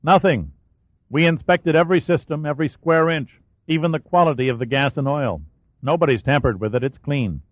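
A man reading an audiobook, voicing a brisk, matter-of-fact male pilot. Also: a little high, no echo, voice pushed up, close to an everyday voice. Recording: dry, phone-like narrow sound.

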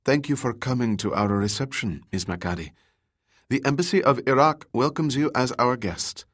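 A man's voice: mid-range voice, normal speed, a bit bright, lightly acted. Man doing a polite young embassy clerk.

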